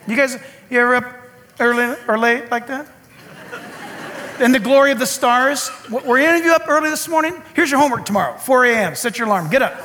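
A man preaching a sermon in an animated, joking way, with sarcastic asides to the congregation. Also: very high-pitched, brisk, a little hiss or hum. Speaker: pastor.

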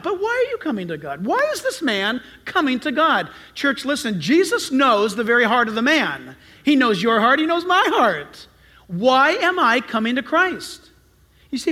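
A man preaching a sermon to his church with a very high voice. His tone is bright and forceful, and he drives his points home by repeating them. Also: sing-song, moderate pace. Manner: emphatic, repeats lines for stress. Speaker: pastor.

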